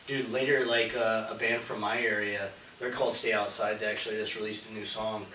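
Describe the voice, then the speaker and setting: Podcast co-host, male, bright, loose, profane storyteller; roomy room, off-mic, faint hiss. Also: on the low side, flat delivery, brisk, distant mic. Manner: rambling, profane, says "dude" constantly. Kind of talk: casual storytelling chat.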